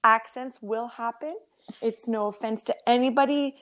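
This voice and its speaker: A woman's voice: fairly high pitch, moderate pace. A woman co-hosting a podcast, telling stories in casual chat and laughing often. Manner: chatty, laughs often, animated storytelling. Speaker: podcast co-host.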